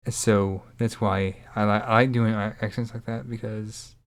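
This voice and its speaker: A man's voice: lowish voice, flat delivery, unhurried, smooth. A young man chatting casually, rambling and hesitant with many fillers. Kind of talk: casual vlog chat.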